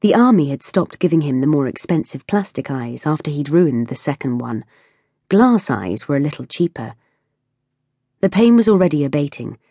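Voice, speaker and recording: A woman narrating an audiobook in a measured, even storytelling manner on a close studio mic. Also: low voice, husky, dry recording. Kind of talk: scripted narration.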